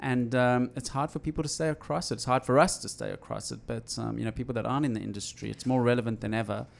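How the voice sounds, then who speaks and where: A man hosts a casual tech podcast from an office, his voice gravelly with fry. He rambles, restarts sentences and fills pauses with ums. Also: medium pitch, steady tone. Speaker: podcast host.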